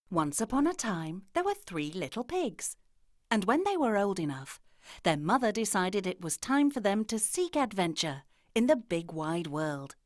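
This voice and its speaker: A woman narrating children's fairy tales in an expressive storytelling manner. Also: medium pitch, dry recording, clean studio sound.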